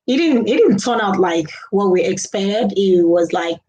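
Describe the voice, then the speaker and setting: A woman's voice: medium pitch, lively intonation, normal speed, warm tone, highs cut off. A young woman with a Nigerian English accent, hosting a casual live stream and chatting loosely, repeating herself and laughing often.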